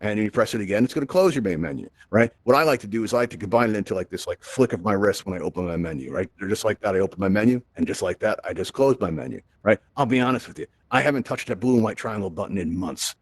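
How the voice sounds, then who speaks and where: Fast, chatty male VR event host. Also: lowish voice, no room sound. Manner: chatty, upbeat, keeps asking "right?". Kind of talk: live tutorial to a virtual audience. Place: virtual reality event.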